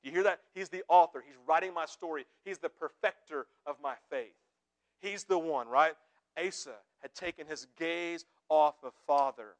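A pastor preaching a conversational sermon, often checking in with his listeners with quick tag questions. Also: a little high.

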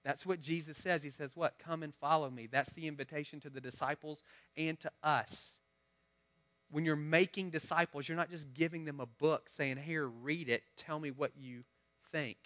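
A man's voice: on the high side, steady tone, normal speed, a bit bright. A man, a pastor giving a conversational sermon and asking the congregation questions. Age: 30s.

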